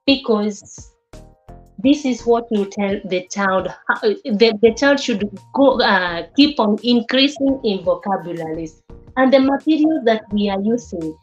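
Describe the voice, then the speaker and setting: A woman lectures a class on child development in a halting way, repeating words and restarting her sentences as she goes. The recording sounds a little dull and lo-fi. Faint music plays underneath. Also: mid-range voice, animated. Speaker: teacher of early childhood development.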